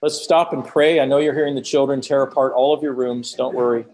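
A man preaching a sermon, acting out prayers and quotes with sudden swings from loud exclamations to hushed tones. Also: mid-range voice, little pitch movement, brisk, a little hiss or hum.

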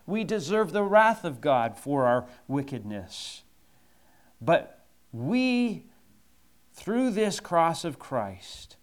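A man preaching in a slow, deliberate cadence. His voice sits somewhat high, and he presses key phrases by repeating them. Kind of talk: sermon.

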